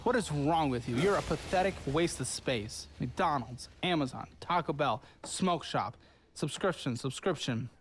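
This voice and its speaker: A man's voice: fairly high pitch, lively intonation, a little slow, a little hiss or hum. A man hosting from a studio, harshly berating a guest over her spending in a profane, scornful tirade. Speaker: host. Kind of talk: berating financial review.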